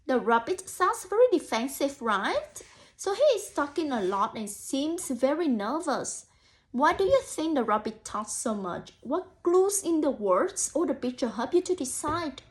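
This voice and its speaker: A woman's voice: high voice, sing-song, unhurried. A young woman student teacher reading a picture book aloud to children and thinking aloud about it in an encouraging way. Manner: encouraging, frequent 'so' and 'mm', addresses imagined children.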